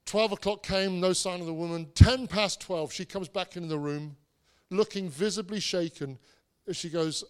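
A man's voice: high-pitched, moderate pace, clear, resonant tone. A man, preaching a sermon in a conversational storytelling way, with restarts and self-deprecating asides. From England. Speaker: pastor.

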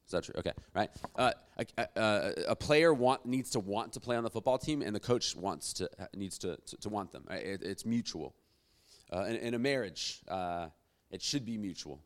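A man preaching a sermon as pastor, swinging between loud emphatic lines and quiet asides. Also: lowish voice, animated, moderate pace.

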